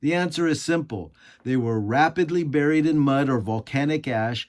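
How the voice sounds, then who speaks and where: A man's voice: fairly high pitch, normal speed. A man from the United States reading scripted political commentary, sarcastic and indignant, full of rhetorical questions. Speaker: commentary host.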